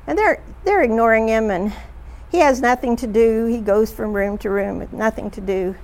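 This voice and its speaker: Lady running a discussion group, kinda high voice, lots of uhs and ums while she tells the story. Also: darkish tone. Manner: chatty, halting, with frequent fillers. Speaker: discussion leader. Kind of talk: retelling stories to a group.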